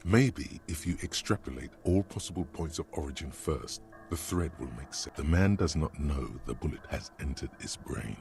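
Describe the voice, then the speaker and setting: A man voicing the grave, measured narrator of a detective video game, with a deep gravelly voice. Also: animated, darkish tone, slight background noise. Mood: somber.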